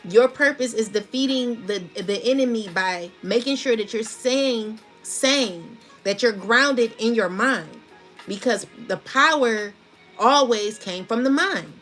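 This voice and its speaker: A woman's voice: on the high side, slow pace, fairly bright tone, soft background music. A woman giving a casual spiritual tarot reading, talking in a chatty, slangy, laughing way. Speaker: tarot reader.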